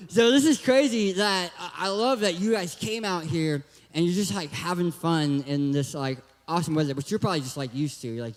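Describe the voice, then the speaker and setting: A young man from Southern California gives a joking, hyper youth talk at a church. His voice is high and his speech has a cartoon-like lisp. A long hall echo trails his words. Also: expressive, fairly quick, a bit bright. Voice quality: lisping, cartoon-like voice. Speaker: guest speaker.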